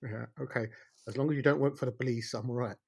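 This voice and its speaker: A man's voice: medium pitch, steady tone, fast talker, vocal fry, husky. A man in his forties with an Essex accent, a solicitor telling jokey stories as a podcast guest, with many fillers and restarts. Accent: Essex English. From England. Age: 40s. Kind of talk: casual podcast interview.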